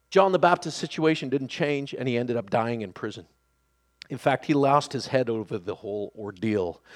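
A man preaching a sermon who swings between hushed, quiet passages and loud, excited shouting. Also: medium pitch.

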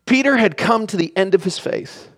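Animated preacher man, lively high voice. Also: moderate pace. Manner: animated, acts out the characters' lines. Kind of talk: sermon.

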